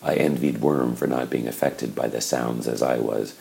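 Audiobook narrator, male, very low and gravelly, dark and measured. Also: fairly even intonation, poor audio. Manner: measured, reflective.

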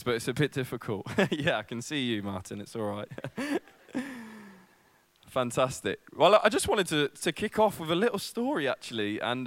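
A man's voice: medium pitch, fairly bright tone, no echo. A young man preaching a sermon at a church service, casual and self-deprecating, with many fillers.

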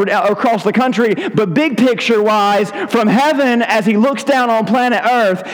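High-voiced preacher in a reverberant hall. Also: male voice. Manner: dramatic, swings from high calls to low hushed lines. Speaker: pastor. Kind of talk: sermon. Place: church sanctuary.

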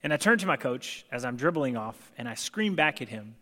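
A man's voice: medium pitch, very animated, a little fast, sharp tone. A young adult man preaching a sermon in a conversational, self-deprecating way, acting out the quotes he tells. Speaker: pastor. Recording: long hall reverb.

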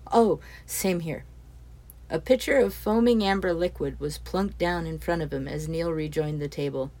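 A woman reading a story aloud as its narrator, steady and expressive. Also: low-pitched, normal speed. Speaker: audiobook narrator.

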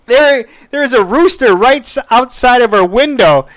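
A man in his thirties telling a story in a casual, animated way, swearing freely. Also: very high-pitched, takes it slowly, pauses often, background noise. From United States. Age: 30s. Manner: animated, swears freely, acts out quoted voices.

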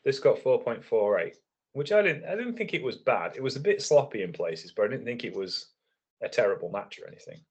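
A man co-hosting a casual wrestling podcast, talking in a relaxed, analytical way and laughing easily. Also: medium pitch, fairly quick, breathy edge.

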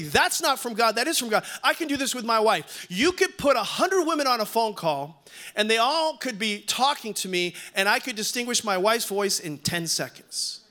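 A man's voice: extremely high pitch, bright, forceful tone. A man in his fifties preaching a sermon as a pastor, emphatic, repeating key lines and calling on the congregation to respond. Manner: repeats key lines for stress, some restarts.

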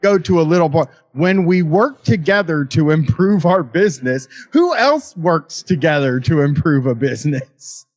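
A man with a slightly high voice hosts a casual comedy podcast. He reads out documents and mocks them in a sarcastic, offhand way, with plenty of fillers. His delivery stays relaxed and conversational. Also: normal speed, hardly any pauses.

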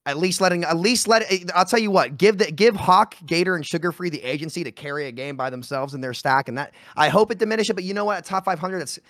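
A man with a fairly high, bright voice rattles off opinions in a casual debate. He is recorded close and dry, and he keeps restarting words as he presses each point. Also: no echo. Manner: rapid, repetitive restarts, emphatic.

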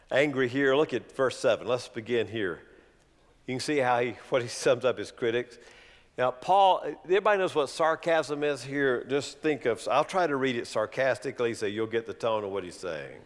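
A man preaching a sermon, asking his congregation questions and mixing in jokes. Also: mid-range voice. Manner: animated, humorous preaching with rhetorical questions. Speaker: pastor. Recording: long reverb of a large hall.

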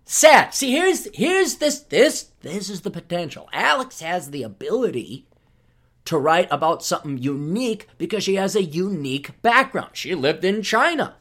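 A man's voice: big pitch swings, moderate pace, a bit bright. A male podcast host reading an article aloud and tearing into it with sarcastic commentary. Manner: sarcastic, mocking, voice jumps high when indignant.

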